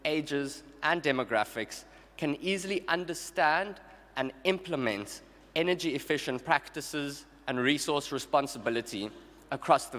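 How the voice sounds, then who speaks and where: A man presenting at an award ceremony, giving a measured, scripted introduction. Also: a little high, fairly bright tone. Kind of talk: formal introduction speech. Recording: long reverb of a large hall.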